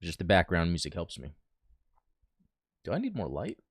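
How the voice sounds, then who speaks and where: Guy chatting on his livestream, really lively up and down voice, dry close desk mic. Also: low voice, normal speed, breathy edge, no echo. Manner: chatty, greets viewers, thinks aloud. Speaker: livestream host. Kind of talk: casual livestream chat. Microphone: desk mic he talks into.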